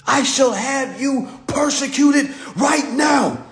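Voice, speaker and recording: A man putting on the voice of a pompous, indignant king, speaking in a grand, outraged, drawn-out way. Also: very high voice, echoey room, voice pushed up, heavily acted.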